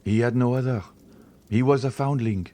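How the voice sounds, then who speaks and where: A man's voice: mid-range voice, normal speed, mellow, voice pushed up, lightly acted. A man doing a cowering, pleading ex-convict. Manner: pleading, evasive.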